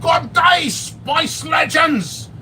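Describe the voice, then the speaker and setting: A man putting on a loud cheery Aussie reviewer. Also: very high-pitched, far from the mic, slight background noise, pitched above the performer's own voice, heavily acted. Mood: shouting cheerily. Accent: Australian. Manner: shouted, drawn-out greeting.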